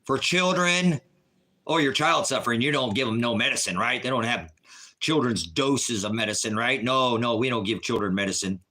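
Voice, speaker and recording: A man's voice: mid-range voice, fairly quick, pushed and bright, breathy edge. A man from Oregon hosting a livestream, talking in an emphatic, repetitive, argumentative way to his chat. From Oregon, USA. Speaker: livestream host. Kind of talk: casual livestream rant.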